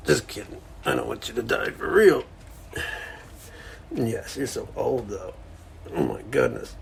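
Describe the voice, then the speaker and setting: A man hosts his own podcast, delivering a casual, wandering monologue packed with jokes, asides and self-mockery. His voice is medium-pitched and creaky, with slight background noise.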